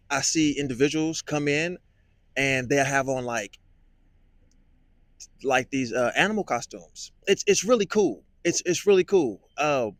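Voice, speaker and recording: A man vlogging a reflective monologue, musing and halting, often repeating words with many fillers. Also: medium pitch, fairly bright tone, dry recording.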